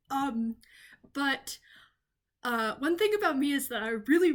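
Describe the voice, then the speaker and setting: Young woman from the American South, gushing off-the-cuff vlogger, restarts often, slightly high pitch. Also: fairly bright tone. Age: young adult. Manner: rambling with frequent ums and restarts; enthusiastic, gushing. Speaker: video creator. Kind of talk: off-the-cuff video essay.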